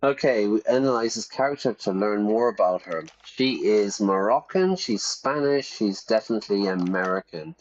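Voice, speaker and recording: A man's voice: on the low side, animated, moderate pace, hardly any pauses. A man, an English teacher, casually commenting on a game while explaining vocabulary, with jokey, playful asides. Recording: dull lo-fi sound.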